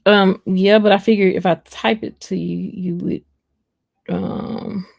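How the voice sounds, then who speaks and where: A woman's voice: mid-range voice, steady tone, unhurried, vocal fry, darkish tone, dry recording, studio quality. A young woman, chatting and telling a personal story to viewers on a live stream. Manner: storytelling, addresses viewers as y'all. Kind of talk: casual live chat.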